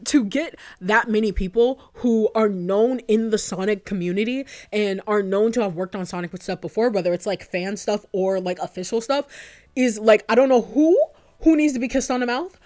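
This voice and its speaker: A woman's voice: medium pitch, normal speed, a little mellow. Gushing young woman fan vlogger. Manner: gushing, rambling, laughs often. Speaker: YouTuber. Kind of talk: casual fan commentary.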